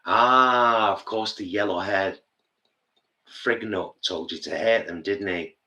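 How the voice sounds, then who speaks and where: Low-voiced northern english bloke on a live stream, blunt and opinionated, bright edge. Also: male voice, fairly even intonation, measured pace. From England. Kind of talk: casual live-stream chat.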